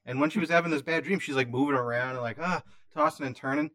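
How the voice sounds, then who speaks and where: A man co-hosting a podcast, making sarcastic, deadpan wisecracks while discussing a movie. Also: on the high side, fast talker. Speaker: podcast co-host. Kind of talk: casual chat about a movie.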